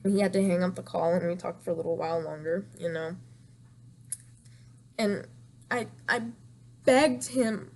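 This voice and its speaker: A woman's voice: lowish voice, moderate pace, vocal fry, pauses often, a little mellow. A young woman telling an emotional storytime vlog, distraught and rambling, repeating herself and crying at times.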